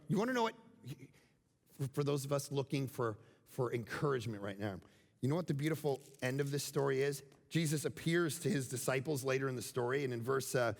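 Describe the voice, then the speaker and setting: Man, pastor, sermon, high voice, gravelly edge, swings loud to hushed, long hall reverb. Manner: animated, swings from loud emphasis to near-whispers.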